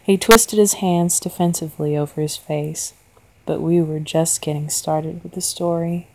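Brief: woman storyteller, slow and deliberate, low voice with a gravelly rasp. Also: steady tone, low-quality recording. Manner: quiet and deliberate. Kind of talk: horror story narration.

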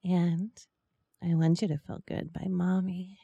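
A woman in whispered role-play, speaking softly and coaxingly, with teasing murmurs close to the microphone. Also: on the low side, level tone, no room sound, lo-fi sound. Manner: soft, slow, coaxing and teasing, with breathy murmurs. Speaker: ASMR role-play performer.

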